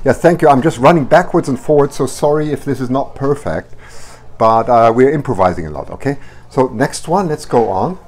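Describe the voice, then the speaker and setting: A man's voice: mid-range voice, expressive, a little fast, darkish tone. A man running a livestream photo auction on a handheld microphone, flustered and apologetic, coughing now and then with a slightly hazy voice. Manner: flustered, apologetic, laughing often. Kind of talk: casual live auction talk.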